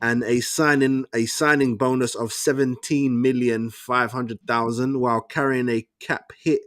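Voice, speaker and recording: A man's voice: mid-range voice, little pitch movement, a little slow, fairly bright tone, dry recording, clean studio sound. Laid-back man reading figures. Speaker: sports show co-host. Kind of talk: casual chat.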